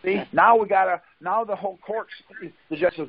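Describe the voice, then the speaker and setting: A man's voice: high voice, expressive, moderate pace, pauses often, no room sound, dull audio. A man on a conference call giving a casual, folksy talk and often asking "see?" to check that his listener follows.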